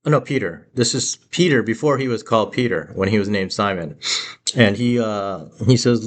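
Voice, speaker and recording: A man's voice: fairly low pitch, normal speed. A man teaching about the Bible in a casual, conversational way, with many fillers and restarts.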